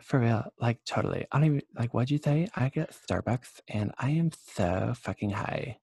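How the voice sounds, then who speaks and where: Brief: ditzy, flustered young woman as a man's put-on voice, gushy valley-girl talk, a gravelly rasp under it. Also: mid-range voice, animated, normal speed, a little mellow, no room sound. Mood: gushing.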